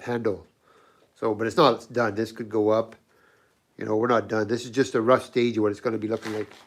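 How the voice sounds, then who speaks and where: A knifemaker and channel host, scratchy-voiced from a cold, loosely talks through his knife work on a casual home workshop livestream. He rambles and often restarts sentences, with a medium-pitched voice of fairly bright tone.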